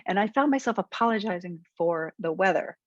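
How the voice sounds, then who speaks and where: A woman's voice: medium pitch, expressive, brisk, dry recording. An assertive, encouraging woman coach speaks straight to her viewers and lays out plain examples. Her voice sits in a middle range. It comes across dry and close, with a slightly dull, muffled tone. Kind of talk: direct-to-camera tip video.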